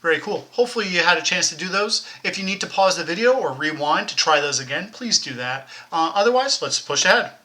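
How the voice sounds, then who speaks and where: A man's voice: sits high, animated, a little fast, hardly any pauses, bright, forceful tone. A man teaching a recorded elementary music lesson, encouraging young children, counting them in and chanting rhythm syllables.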